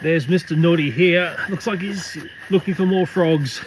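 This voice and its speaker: A man talks casually in a fond, running commentary, his voice sitting a touch higher than most men's. He is recording with a handheld camera in a backyard at night, and faint frogs and crickets can be heard behind him. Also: normal speed, slight background noise, rough recording. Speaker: pet owner filming his cats. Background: faint night ambience with frogs and crickets.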